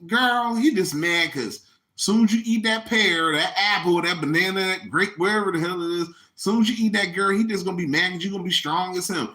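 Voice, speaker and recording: A man's voice: high voice, a little fast, pushed and bright, reverberant. A man voicing a sassy gossiping snake woman. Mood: conspiratorial. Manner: conspiratorial, sassy.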